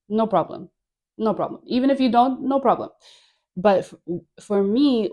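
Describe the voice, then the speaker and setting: A woman's voice: on the low side, dark tone. A woman leading a guided dance class, chatty and encouraging, laughing often and filling her talk with "like". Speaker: dance instructor.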